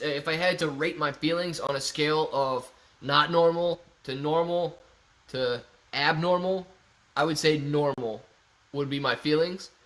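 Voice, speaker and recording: A man's voice: on the high side, fairly bright tone. A young man hosting a casual livestream, joking around and reading viewer comments aloud. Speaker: livestream host.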